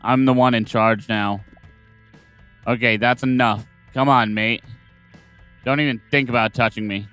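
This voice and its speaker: Bright-voiced man voicing game characters. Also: mid-range voice, steady tone, unhurried, pauses often, clear, resonant tone, faint music behind. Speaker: gamer reading game dialogue aloud.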